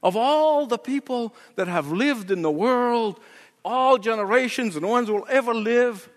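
A man's voice: very high-pitched, expressive, unhurried, big-room sound. A male pastor preaching a sermon with an emphatic, repetitive cadence.

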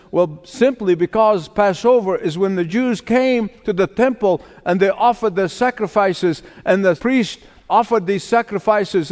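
A male pastor preaching a sermon emphatically, repeating key phrases and swinging from hushed to loud. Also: high voice. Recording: long reverb of a large hall.

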